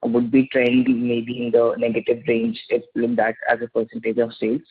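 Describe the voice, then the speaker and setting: A man's voice: medium pitch, completely flat delivery, moderate pace, breathy edge. A man with an Indian English accent, politely asking an analyst's questions on an earnings call. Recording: tinny phone line.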